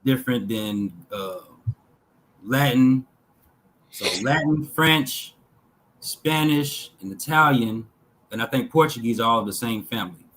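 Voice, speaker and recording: A man slowly reading lists of words aloud from a text, pausing between each item in a measured way. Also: medium pitch, expressive, fairly bright tone, a little hiss or hum, poor audio. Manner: slow, measured reading with pauses between list items. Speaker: talk show host reading linguistic examples.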